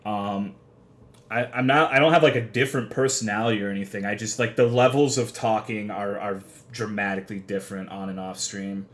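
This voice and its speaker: A man's voice: fairly low pitch, fairly even intonation, brisk. A young man streaming live, chatting casually with his viewers in a rambling, profane, self-deprecating way. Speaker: livestreamer. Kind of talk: casual livestream chat.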